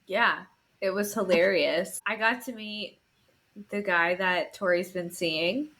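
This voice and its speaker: A woman's voice: fairly low pitch, a bit bright. A woman co-hosting a podcast in casual chat, teasing her friend and prompting her to tell stories. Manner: teasing, quick reactions, prompting. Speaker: podcast co-host.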